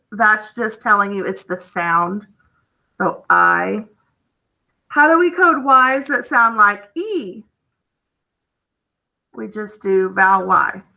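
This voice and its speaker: A woman's voice: medium pitch, creaky, pushed and bright. A woman teaching a phonics lesson, explaining step by step and checking in with "okay?".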